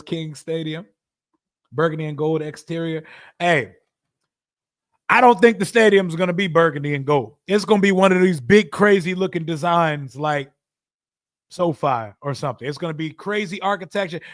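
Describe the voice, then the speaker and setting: Animated young streamer, high voice. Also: male voice, no room sound, clean studio sound. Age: young adult. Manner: animated, profane, addresses chat directly. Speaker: livestream host. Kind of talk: casual live reaction stream.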